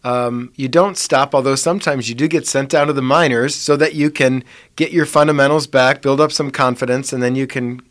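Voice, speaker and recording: A man's voice: mid-range voice, steady tone, a little fast, fairly bright tone. A man co-hosting a casual chat, thoughtful and affirming, drawing analogies. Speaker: podcast co-host.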